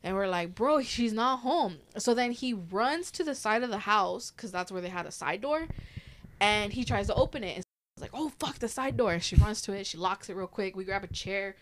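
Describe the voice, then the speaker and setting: A woman's voice: medium pitch, expressive, brisk, fairly bright tone. A woman in her thirties telling a story in casual chat. She swears freely and acts out the voices of the people in it. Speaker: podcast host.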